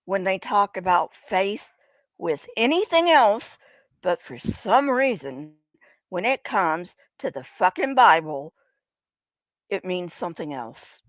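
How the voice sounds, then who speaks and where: A woman's voice: mid-range voice, sing-song, slow pace, pauses often, no echo. A woman streaming casual commentary in a blunt, sarcastic and mocking way.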